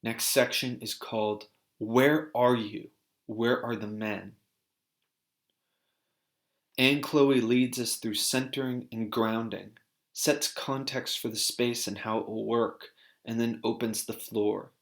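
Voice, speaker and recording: A man reading aloud a personal essay he wrote, earnest and deliberate. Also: mid-range voice, fairly even intonation. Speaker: author reading his own article.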